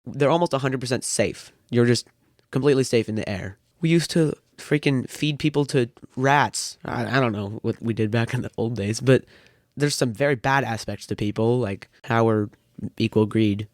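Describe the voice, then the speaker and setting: A man's voice: mid-range voice, normal speed, dry recording. A thirteen-year-old boy chatting casually as a podcast guest, rambling with a dry wit. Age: teens. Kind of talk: casual chat.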